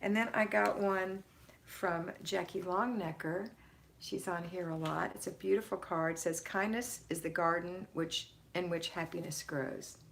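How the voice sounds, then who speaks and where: A woman's voice: on the low side, steady tone, a little slow, vocal fry, slight background noise. A woman hosting a live stream, chatting casually, reading out viewers' comments and greeting them by name with frequent laughs. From Florida, United States. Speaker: host of a home-organizing live stream.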